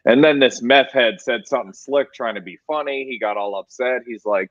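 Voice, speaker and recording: A man's voice: mid-range voice, brisk, hardly any pauses, no room sound, highs cut off. A man co-hosting a sports podcast, telling rambling stories and getting fired up about who is toughest. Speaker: podcast co-host. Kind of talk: casual sports chat.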